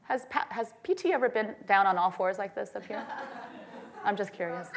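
A woman telling a funny personal story to a live audience, lively and self-mocking, checking in with "okay?" and "right?". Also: medium pitch, normal speed, creaky.

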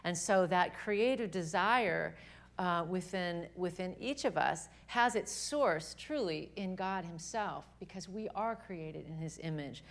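A young adult woman giving an earnest, animated faith talk to a live audience at a women's gathering, often restarting her sentences. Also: lowish voice, measured pace.

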